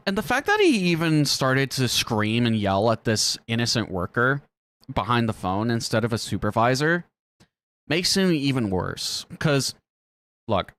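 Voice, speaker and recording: A man's voice: on the low side, a bit bright, clean tone. A man reacting on a live stream with casual, profane commentary, ranting and laughing often.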